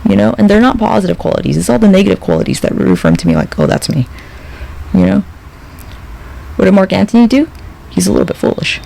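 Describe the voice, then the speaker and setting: A man's voice: sits high, very animated, quick pace, creaky, dark tone, low-quality recording. A man hosting a podcast, talking in a casual, rambling monologue full of profanity and sardonic asides. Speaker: podcast host.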